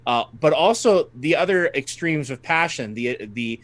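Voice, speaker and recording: A man's voice: a little high, expressive, normal speed, fairly bright tone. A man running a tabletop game as game master, narrating the scene to his players and laughing often.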